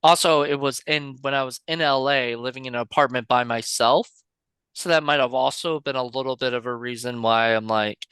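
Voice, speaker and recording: A man co-hosting a podcast chats loosely about films in a medium-pitched, brisk, slightly bright and smooth voice, recorded with no room sound. His talk rambles, full of filler words and casual swearing.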